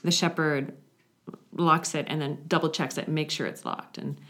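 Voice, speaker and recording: A woman with a notably low voice tells a story for a faith podcast. She is animated and conversational, and at times drops into a hushed, intimate tone. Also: moderate pace.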